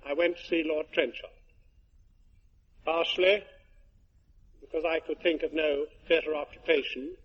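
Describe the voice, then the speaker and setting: An older retired air force officer giving a tribute speech, telling anecdotes with genial, dry humour to an audience. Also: male voice, on the high side, steady tone, unhurried, pauses often, slightly rough. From England. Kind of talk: after-dinner speech with anecdotes. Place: hall with an audience. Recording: muffled archive recording with faint hiss.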